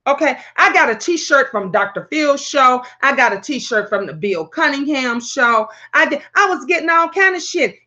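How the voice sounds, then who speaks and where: A loud, brash woman hosts her own talk show, cursing freely as she tells animated stories. Her voice sits high and bright, and the audio is slightly muffled and lo-fi. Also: moderate pace, hardly any pauses. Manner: brash, profane, animated storytelling. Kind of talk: casual vlog talk.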